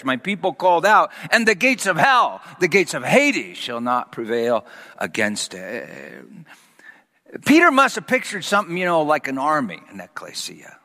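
Bright-voiced man preaching in a reverberant hall. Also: on the high side. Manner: reads scripture slowly, then preaches with rising animation. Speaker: pastor. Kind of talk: sermon.

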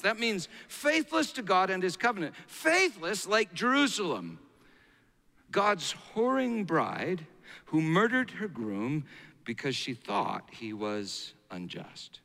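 A middle-aged man preaching a sermon as a pastor, swinging between hushed and loud passages. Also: sits high. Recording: long reverb of a large hall.

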